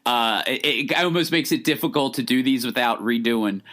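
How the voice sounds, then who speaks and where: A man's voice: mid-range voice, normal speed, a bit bright. A man in his thirties co-hosting a podcast, chatting casually, laughing often and rambling through restarts. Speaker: podcast co-host. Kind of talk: casual chat.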